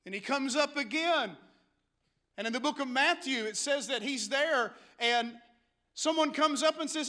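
A male pastor preaching a sermon, telling the story dramatically and swinging between hushed passages and shouts. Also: very high-pitched, moderate pace.

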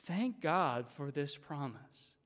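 A man's voice: a little high, lively intonation, takes it slowly, a bit bright. A man preaching a sermon as a guest speaker, emphatic and repeating phrases for stress. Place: church sanctuary. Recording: long church reverb.

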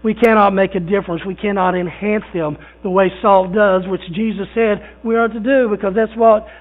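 A man's voice: high voice, fairly even intonation, moderate pace. A man preaching a sermon as pastor, in a folksy, conversational way with repeated phrases and fillers, recorded in a church. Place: church sanctuary. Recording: thin phone-like sound.

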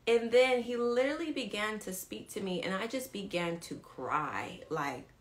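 A woman leading a live-stream devotional, telling a story to her viewers, animated and repeating key lines for emphasis. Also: mid-range voice, normal speed. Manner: talks straight to viewers, asks if they follow. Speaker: women's ministry leader.

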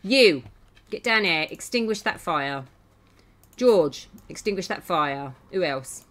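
A woman, chatting excitably through a game stream, laughing often and scolding the characters. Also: fairly low pitch, slow. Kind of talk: casual gameplay commentary. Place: home.

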